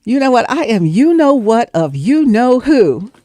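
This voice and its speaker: Woman doing a slow, teasing grandma. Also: a little high, big pitch swings, warm tone, dry recording, pitched above the performer's own voice. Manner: slow, drawn-out, playfully weary. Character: teasing grandmother, dry and unhurried.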